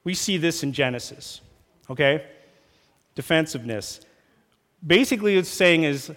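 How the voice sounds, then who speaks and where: A man preaching a sermon as pastor, talking lively and acting out quarrels in raised voices. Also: on the high side, normal speed, long pauses. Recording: long church hall reverb.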